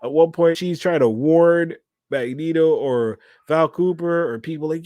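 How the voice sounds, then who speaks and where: Young man, excitable slangy recap, rambling and repetitive, mid-pitched voice, dry close sound. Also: normal speed, no room sound. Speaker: channel host. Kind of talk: casual episode recap.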